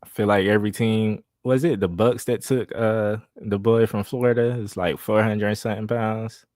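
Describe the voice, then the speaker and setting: Low-voiced man, dry asides. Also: steady tone, moderate pace, darkish tone, no room sound. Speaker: co-host. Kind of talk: casual sports talk.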